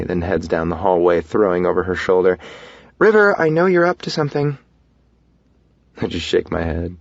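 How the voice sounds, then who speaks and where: A man narrating a first-person romance audiobook in a soft, intimate, reflective way. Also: low voice, creaky, dry recording, lo-fi sound.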